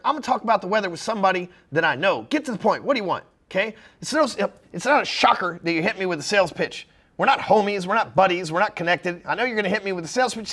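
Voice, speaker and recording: A middle-aged man with a high, pushy voice gives a profane sales lesson. He speaks bluntly and acts out sample messages in quick voices. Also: fairly bright tone. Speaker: sales coach. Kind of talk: profane motivational sales talk.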